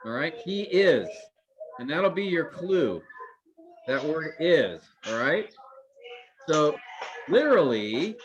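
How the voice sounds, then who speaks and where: A man teaching a Greek grammar class online, asking questions and explaining with many pauses. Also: fairly high pitch, big pitch swings, dull audio, noisy background.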